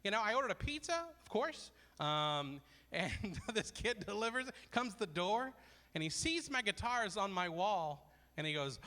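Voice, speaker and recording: A man's voice: sits high, pushed and bright, big-room sound. A man in his forties doing self-deprecating stand-up comedy at a charity fundraiser, rambling through asides. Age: 40s.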